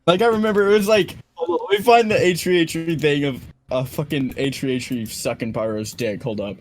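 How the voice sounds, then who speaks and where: A man's voice: a little high, a little fast, a little hiss or hum. A man co-hosting a podcast in casual chat, blunt and swearing. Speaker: podcast co-host.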